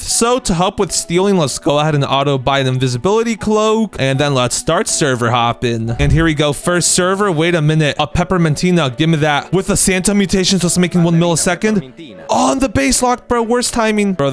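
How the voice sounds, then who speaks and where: A young man giving casual, excitable commentary over his own gameplay, full of slang. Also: a little high. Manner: excitable slangy chatter, says bro a lot. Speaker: gaming channel host.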